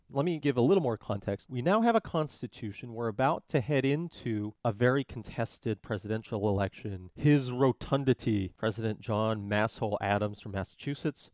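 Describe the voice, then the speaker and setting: Man giving a jokey, lively law lesson. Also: mid-range voice, dry recording, studio quality. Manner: jokey, drops into quick character voices. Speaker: law tutor. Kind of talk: casual explanatory lesson.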